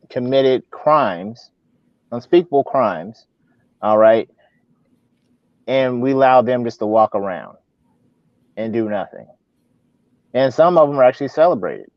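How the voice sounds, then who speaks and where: A man's voice: mid-range voice, smooth, no room sound. A man rants through casual commentary on a live talk show, circling back and restarting his points. His voice sits in a middle range. It is recorded close and dry, with a slightly muffled, dull tone. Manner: rambling, repeats and restarts, animated ranting.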